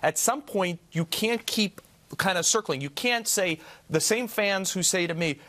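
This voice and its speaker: Guy on a sports panel breaking down baseball moves, kinda high voice, opinionated. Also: a little slow, a bit bright. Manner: conversational, opinionated, speaks from his own experience. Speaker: baseball analyst. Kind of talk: studio sports panel discussion.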